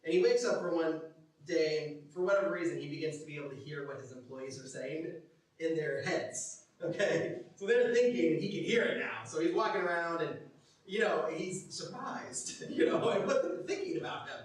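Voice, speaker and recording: A man preaching a sermon as pastor, telling stories animatedly, acting out quotes and dropping from loud to hushed. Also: a little high, lively intonation, normal speed. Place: church. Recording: echoey church hall from far off.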